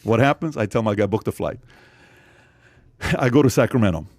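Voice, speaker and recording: A man hosting a podcast, telling a long story with energy and emphasis, with sudden loud jumps in his voice. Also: fairly low pitch, animated, moderate pace, dry recording. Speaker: podcast host. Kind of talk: animated storytelling in podcast chat.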